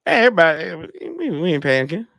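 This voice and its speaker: A man's voice: on the high side, normal speed, a bit bright, no echo. Rambling slangy male sports streamer. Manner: rambling, reads chat comments aloud, slangy. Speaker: podcast host reading live chat. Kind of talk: casual sports fan livestream.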